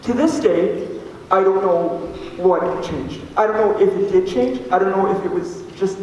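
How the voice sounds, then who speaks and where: A teenage boy from Alberta, a student telling a personal story to an audience, earnest and halting with many fillers and restarts. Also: sits high, a little mellow, lo-fi sound. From Alberta, Canada. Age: teens. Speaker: student speaker. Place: large hall with an audience. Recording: echoey hall from far off, faint noise.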